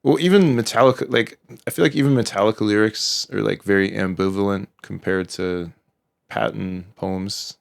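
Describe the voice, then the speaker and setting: With a lowish, gravelly voice at normal speed, this male podcast co-host rambles through animated stories, often restarting and using lots of fillers. The sound is dry and studio grade.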